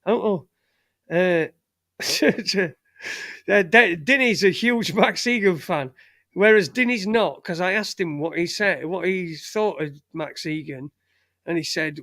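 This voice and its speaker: A man's voice: sits high, slow, a bit bright, dry recording, studio quality. A man hosting a casual live show, reading out chat comments with blunt, sweary banter and laughter. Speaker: podcast host.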